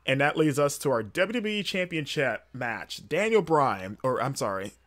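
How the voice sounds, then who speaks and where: A man hosting his own podcast, talking through a recap in a loose, casual way. His delivery rambles, with frequent fillers and quick self-corrections as he gathers his thoughts. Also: mid-range voice, big pitch swings, a bit bright. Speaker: podcast host. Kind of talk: casual solo recap commentary.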